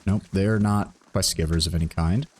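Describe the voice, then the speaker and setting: Low-voiced man thinking aloud over a game. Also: steady tone, normal speed, darkish tone, slightly rough. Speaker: streamer. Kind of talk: casual gameplay commentary.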